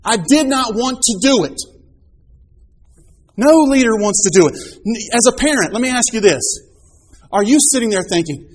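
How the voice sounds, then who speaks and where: A man's voice: very high-pitched, lively intonation, moderate pace. A man in his thirties preaching a sermon, telling stories with rhetorical questions and rising emphasis.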